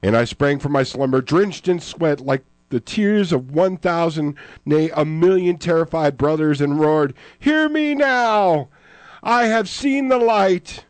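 A man voicing a theatrical fire-and-brimstone preacher telling of a vision, with a booming delivery. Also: measured pace, no room sound, lightly acted. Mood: ranting.

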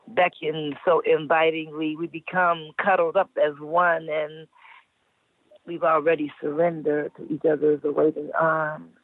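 A woman calling in from Cleveland, reading a sensual poem slowly in a put-on old lady voice. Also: sits low, no room sound. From Cleveland, Ohio. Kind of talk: slow sensual poetry reading. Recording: tinny phone line, dry.

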